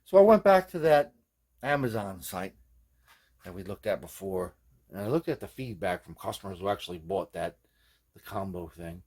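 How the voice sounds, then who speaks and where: Lively, rambling guitar-workshop guy. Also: sits low, moderate pace. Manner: rambling, loose and profane, peppered with "man" and "you know what I mean"; laughs at his own jokes. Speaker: host of a guitar repair video journal. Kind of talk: casual hands-on workshop chat.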